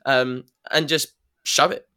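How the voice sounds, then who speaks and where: A man's voice: mid-range voice, steady tone, slow, sharp tone, clear, resonant tone. Candid rambling man. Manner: rambling, candid and self-correcting. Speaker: podcast guest. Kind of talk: casual chat.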